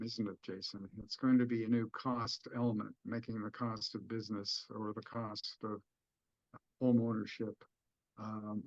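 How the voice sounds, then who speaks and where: A middle-aged man with a Texan accent, an economist explaining markets in a folksy, joking way during a webinar discussion. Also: lowish voice. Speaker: economist guest. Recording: dull lo-fi webinar audio.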